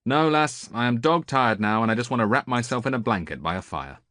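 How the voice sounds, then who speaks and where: A man's voice: medium pitch, lively intonation, a little fast, pushed and bright, dry recording, studio quality, voice pushed up. A man voicing a stocky, crafty middle-aged king in an audiobook, speaking in a bluff, joking way.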